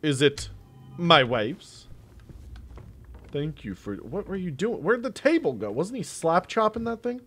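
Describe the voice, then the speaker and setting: A man's voice: high-pitched, huge pitch swings, moderate pace, hardly any pauses, slight background noise. A young man playing a horror game for his channel, joking with the characters and swearing at jump scares. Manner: jokey, reactive, talks to the game characters; swears and jumps between loud outbursts and muttering. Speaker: gaming YouTuber. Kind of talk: horror game let's play commentary.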